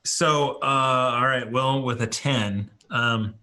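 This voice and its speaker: Male game master, bright voice, casual and halting. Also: medium pitch. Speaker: dungeon master. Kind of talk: running a tabletop game.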